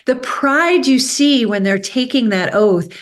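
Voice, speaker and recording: A woman's voice: high-pitched, unhurried. An American woman hosting a podcast, talking in a casual chat with an earnest, chatty manner and many fillers. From United States. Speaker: podcast host and success coach.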